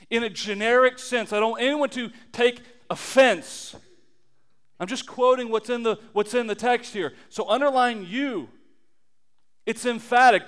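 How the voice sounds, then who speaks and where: Male pastor, 30s, high clean voice, lively sermon delivery with loud and hushed swings. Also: clear, resonant tone. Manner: animated, swings from loud emphasis to quiet low asides.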